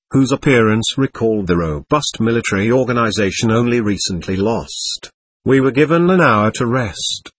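Male audiobook narrator, husky voice, expressive pitch, dry close sound. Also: no room sound. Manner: measured, expressive storytelling. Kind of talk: first-person scripted narration.

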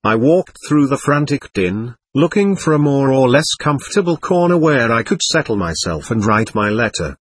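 A man narrates an audiobook in a steady first-person telling. His voice is husky, recorded dry and close to the mic, and his pitch moves freely through the lines. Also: normal speed, few pauses, no room sound.

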